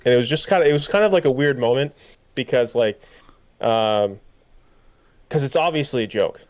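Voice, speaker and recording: A young man with a smooth, resonant voice at a middling pitch, chatting loosely as a podcast co-host. He rambles, starts sentences over and leans on fillers as he goes. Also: normal speed, long pauses. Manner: rambling, full of fillers and restarts. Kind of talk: casual chat.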